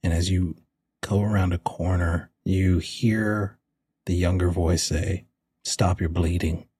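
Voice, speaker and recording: A man's voice: low-pitched, fairly even intonation, slow pace, darkish tone, slightly rough, dry recording, clean studio sound. A man narrating a tabletop game as game master in a casual, descriptive way, thinking aloud as he goes.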